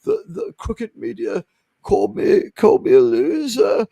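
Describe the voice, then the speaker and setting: A man's voice: high voice, huge pitch swings, unhurried, gravelly, warm tone, slightly rough, dry recording, lo-fi sound, voice pushed up, heavily acted. A man mocking a pompous starship captain. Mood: whining. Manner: stammering, grandiose complaining. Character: pompous aging male starship captain, rambling and self-pitying.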